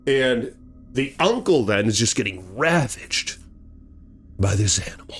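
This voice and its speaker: A man hosting a horror channel, giving a dramatic retelling of a true bear attack and acting out the action with sound words and shouts. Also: medium pitch, expressive, measured pace, soft background music.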